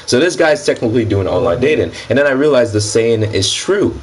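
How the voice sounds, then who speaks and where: A man's voice: mid-range voice, animated, brisk. A young man, a gaming YouTuber, telling a story in a casual, boastful, slangy way during an interview.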